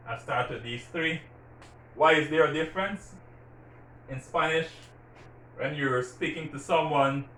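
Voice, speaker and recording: A man explains grammar patiently, slowing down to repeat example words and lean on the stressed syllable. His voice sits at an ordinary mid pitch. It is picked up from some way off in an echoey room, with a faint hiss underneath. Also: a bit bright. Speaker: Spanish teacher. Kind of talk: explaining Spanish greetings and grammar. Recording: roomy echo from a distant mic, faint background hiss.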